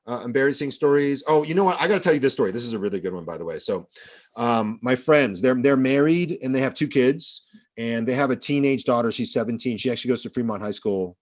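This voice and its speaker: A man's voice: mid-range voice, lively intonation, quick pace. A male professor giving a rambling, anecdotal classroom lecture full of fillers.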